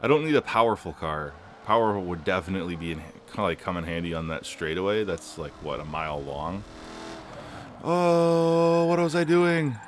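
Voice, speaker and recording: A young man giving casual, rambling commentary while playing a racing game, swearing often and filling pauses with lots of ums. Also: low-pitched, fairly bright tone, slight background noise. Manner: rambling, swears a lot, many fillers. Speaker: gaming channel host.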